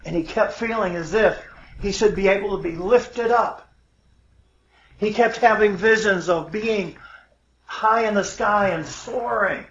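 A folksy man telling an animal fable at an unhurried pace, wandering into little asides as he goes. His voice sits high for a man. The sound is roomy and slightly dull, like a lo-fi recording in an echoey room. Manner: folksy, digressive, self-amused asides. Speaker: storyteller.

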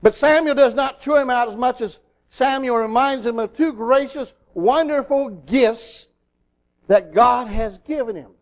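High voiced guy preaching, animated, does little voices in the asides. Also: unhurried. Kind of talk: sermon.

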